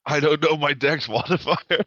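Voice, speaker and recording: A man's voice: fairly high pitch, moderate pace, a bit bright, no room sound, dull audio. A man playing a tabletop game, making wry, dry asides. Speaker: player.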